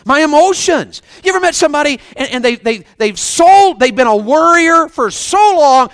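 A man's voice: very high-pitched, animated, normal speed, few pauses, fairly bright tone, no room sound. A man with a Southern US accent preaching a fervent revival sermon, often putting questions to the congregation. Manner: fervent, asks the crowd questions.

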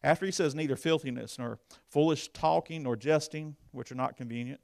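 A pastor preaching an emphatic sermon, dropping low and confiding, then rising into loud bursts. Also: male voice, brisk, gravelly, no echo.

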